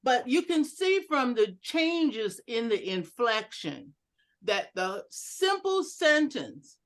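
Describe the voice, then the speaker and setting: A woman giving an educational talk on a video call, playfully acting out different inflections of one sentence. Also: fairly high pitch. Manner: animated, playful, acts out inflections. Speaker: educational speaker at a club meeting. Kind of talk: online presentation with audience exercises.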